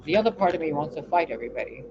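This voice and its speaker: A woman talking in a casual, rambling monologue on her channel, cursing often and swinging between loud outbursts and quiet asides. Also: low voice, expressive, racing, highs cut off, background noise. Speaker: spiritual reader and channel host.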